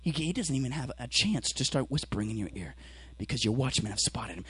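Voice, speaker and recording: A teenage boy preaching a sermon, swinging between shouted exhortation and quiet low explanation, acting out little scenes. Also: lively intonation, fairly quick, hardly any pauses, slightly rough, no room sound, rough recording. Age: teens. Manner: acts out dialogue with the devil and watchmen.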